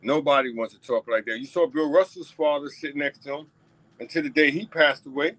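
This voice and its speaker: On his solo talk show, a man from New York talks directly to viewers, hammering points home and repeating himself. He sounds high and brisk with a slightly bright tone, in a low-quality recording with no room sound.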